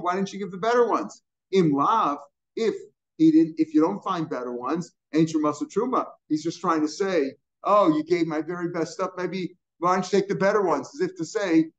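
Chatty Talmud teacher, lo-fi sound. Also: male voice, a little high. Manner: reads Hebrew and Aramaic phrases, then explains in chatty English; acts out the speakers in the text with quick asides. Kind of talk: line-by-line Talmud lesson. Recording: dull lo-fi recording.

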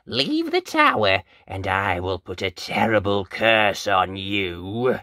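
A storyteller voicing a cackling, spiteful old witch who snarls drawn-out threats in a storybook reading. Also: deep voice, big pitch swings, bright, forceful tone, no room sound, clean studio sound, pitched below the performer's own voice, full character voice. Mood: cackling menace.

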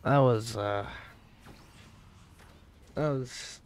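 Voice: medium pitch, very slow, smooth. A young gaming video host giving casual commentary, who keeps breaking into laughter and exclaiming, and swears freely while saying "dude.".

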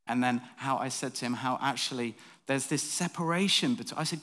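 A male pastor delivers a sermon in church. He tells stories in a chatty, self-mocking way, with a voice of middle pitch. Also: fairly quick, few pauses, a bit bright. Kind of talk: sermon storytelling.

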